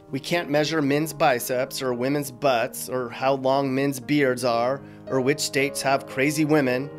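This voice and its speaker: A man narrating a YouTube video from a script in a playful, teasing tone. His pitch sits in an average range. Light guitar music plays faintly behind him. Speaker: YouTube host.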